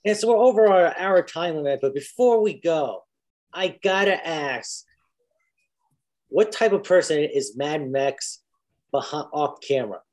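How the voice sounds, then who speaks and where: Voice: mid-range voice, expressive, unhurried, darkish tone. An interviewer wrapping up a conversation with a final question.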